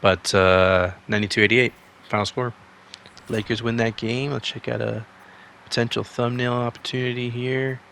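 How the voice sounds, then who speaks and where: A man's voice: medium pitch, flat delivery, moderate pace, gravelly, fairly bright tone, a little hiss or hum. A man casually commentating a basketball video game, rambling between calls and rising sharply on big plays.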